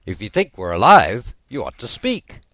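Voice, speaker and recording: A man's voice: on the low side, huge pitch swings, moderate pace, bright, forceful tone, no room sound, pitched above the performer's own voice, full character voice. A pedantic, contrary little round man out of a storybook, as a male narrator voices him. He argues in a fussy, climbing voice that swings widely. The sound is dry and close. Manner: argumentative, logic-chopping.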